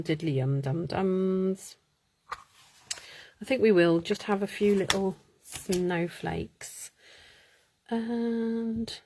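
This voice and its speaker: A woman's voice: mid-range voice, darkish tone, slight background noise. A woman hosting a live card-making stream, chatting, muttering to herself and laughing as she works. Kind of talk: casual live crafting chat.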